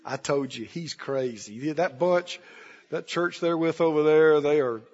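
A man preaching a sermon, swinging between soft asides and loud exclamations. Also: on the high side, unhurried. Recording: reverberant hall, dull lo-fi sound.

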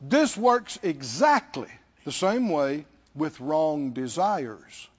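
A man's voice: fairly high pitch, takes it slowly, muffled recording. A man preaching a sermon, telling stories, repeating words for emphasis and asking the congregation "Hmm?". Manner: lively storytelling, asks the congregation "Hmm?".

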